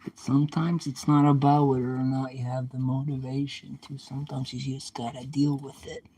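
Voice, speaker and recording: Young guy on a stream, cleaning and chatting, answers chat, teases the oven, mid pitch. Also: little pitch movement, moderate pace, mellow, slightly rough, poor audio. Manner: chatty, replies to viewer comments aloud; playful trash talk to the oven. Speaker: livestreamer. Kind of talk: casual livestream chat while cleaning.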